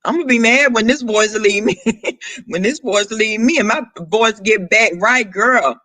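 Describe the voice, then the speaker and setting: A man, chatting casually on a live stream, sassy and profane, throwing quick asides to his viewers. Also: high-pitched, sharp tone, no echo. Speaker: vlogger greeting live chat.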